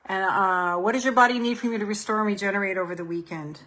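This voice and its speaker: A middle-aged woman hosting a live spiritual session, guiding listeners through slow, prayerful affirmations. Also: medium pitch, fairly bright tone. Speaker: host and self-love coach. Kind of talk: guided spiritual meditation on a live stream.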